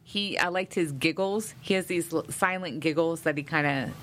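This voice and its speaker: A woman with a notably low voice chats frankly with her co-host, teasing him now and then. A faint hiss of background noise sits under her voice. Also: normal speed. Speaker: podcast co-host. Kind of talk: casual chat.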